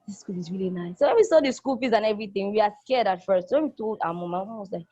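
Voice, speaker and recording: A woman's voice: mid-range voice, lively intonation, racing, dark tone, dry recording. A young woman, a college student speaking in an enthusiastic, casual testimonial that repeats phrases for emphasis. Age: young adult. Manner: enthusiastic, repeats phrases, acts out quoted people. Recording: dull lo-fi dry recording.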